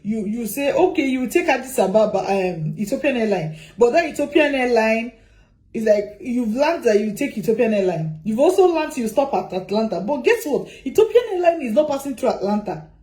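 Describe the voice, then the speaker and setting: A woman giving advice as a migration consultant, animated and repeating her points with rhetorical questions. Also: on the high side, fairly quick, poor audio. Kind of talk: advice talk to camera.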